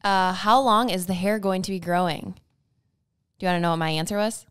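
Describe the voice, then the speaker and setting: A woman's voice: mid-range voice, fairly quick, smooth, dry recording, clean studio sound. A woman co-hosting a podcast, chatting in a playful, teasing way. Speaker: podcast co-host. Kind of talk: casual chat.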